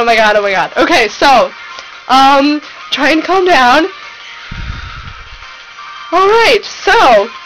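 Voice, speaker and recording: A young woman gushes into her webcam at home, rambling breathlessly and tripping over fillers. Her voice sits a little high and sounds bright and sharp, with faint music playing behind her. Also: low-quality recording. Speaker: vlogger. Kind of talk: excited fangirl vlog chat. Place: home room.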